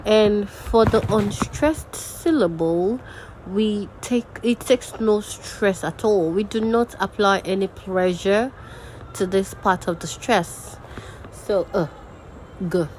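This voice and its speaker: A woman's voice: mid-range voice, takes it slowly, darkish tone, slight background noise, poor audio. A young woman teaching a recorded diction lesson, patiently repeating example words aloud. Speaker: diction and grammar tutor.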